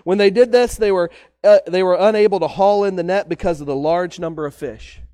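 A man's voice: sits high, fairly quick, dark tone, no echo. A pastor, preaching a conversational sermon with stories from his own life. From Texas.

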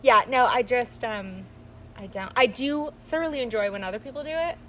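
A woman's voice: a little high, moderate pace, a bit bright, slight background noise. A woman co-hosting a podcast, chatting casually, laughing easily and trailing off with fillers. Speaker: podcast co-host. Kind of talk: casual chat.

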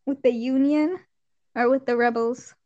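Young woman co-host, high voice, loose rambly chat full of "like", muffled lo-fi sound. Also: steady tone, unhurried, dark tone. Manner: rambling, fond of "like", laughs often. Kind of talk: casual chat.

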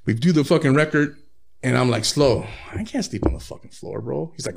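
A man's voice: mid-range voice, expressive, normal speed, gravelly, slightly rough. Profane laid-back man telling stories. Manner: profane, laid-back storytelling with frequent laughs. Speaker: rapper guest. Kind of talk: casual interview storytelling.

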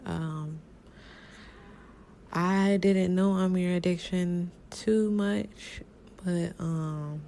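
A woman guest speaking in a hesitant, halting way during a casual tribute chat. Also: on the low side, steady tone, creaky, warm tone.

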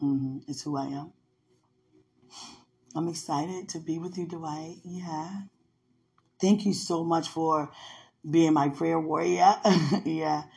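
A woman chatting on a faith podcast call. She swings between hushed murmurs and loud, laughing outbursts, and keeps telling herself to calm down. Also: sits low, takes it slowly, creaky, pauses often, a little hiss or hum. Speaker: podcast co-host. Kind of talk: casual faith chat on a call.

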